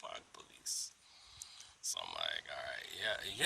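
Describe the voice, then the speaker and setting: A man telling a story to a phone camera in a park, animated and dropping into whispered asides. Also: sits low, slow pace, vocal fry, a little hiss or hum, poor audio. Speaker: vlogger. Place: outdoors in a park under a tree. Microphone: phone held at arm's length.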